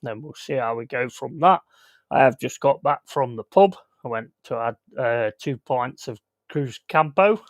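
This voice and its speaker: A man's voice: mid-range voice, measured pace, no echo. Sweary man ranting on stream. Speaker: streamer host. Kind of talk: casual livestream chat. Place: home.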